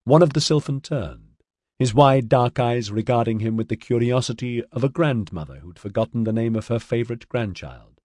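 In clean studio sound with no echo, a medium-pitched man reads an audiobook aloud. His storytelling is expressive and measured.

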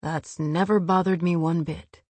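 A woman reading the lines of a fierce winged male warrior with icy, controlled fury, speaking in a low, clipped, intense way. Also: steady tone, a little slow, darkish tone, dry recording.

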